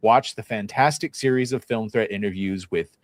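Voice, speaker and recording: A man's voice: lowish voice, moderate pace. A man on a film-talk panel who reads out viewer comments in a joking, playful way. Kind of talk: casual panel chat.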